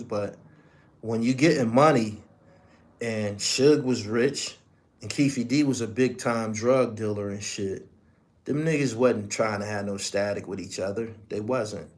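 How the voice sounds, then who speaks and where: A man's voice: lowish voice, measured pace, a little mellow. A man hosting a podcast, telling a story in blunt, profane, emphatic casual commentary. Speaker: podcast host.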